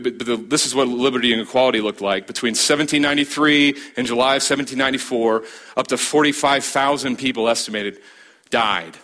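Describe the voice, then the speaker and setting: A man preaching a sermon as a pastor, building emphasis with dramatic pauses and repeated phrases. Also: medium pitch, bright, forceful tone.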